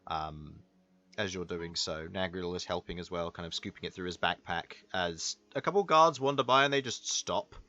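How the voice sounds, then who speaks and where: A man's voice: sits low, normal speed, pushed and bright, lo-fi sound. Rambling man running a tabletop game. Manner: rambling narration with many fillers. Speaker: game master.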